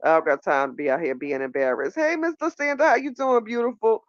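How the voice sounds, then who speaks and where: A woman's voice: mid-range voice, fairly even intonation, fairly quick, no echo, dull audio. A woman hosting a live call-in chat, talking casually and giggling with her listeners, calling them child and baby.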